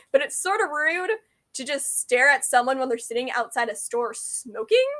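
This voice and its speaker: A woman's voice: on the high side, a bit bright. A young adult woman telling a rambling, self-deprecating story to camera, often correcting herself mid-sentence. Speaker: vlogger.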